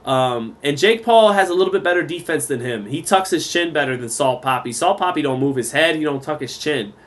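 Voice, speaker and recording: A man's voice: a little high, fairly quick. Chatty man calling a boxing fight. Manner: relaxed, chatty, reads viewer comments aloud. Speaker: boxing commentator. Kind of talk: live round-by-round commentary and chat reading.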